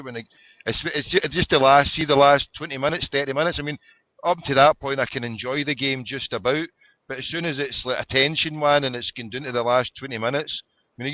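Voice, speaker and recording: Sweary Glaswegian man, bright lo-fi sound. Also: medium pitch. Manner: sweary, says "mate" a lot. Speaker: podcast host. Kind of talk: casual chat. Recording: dull lo-fi sound.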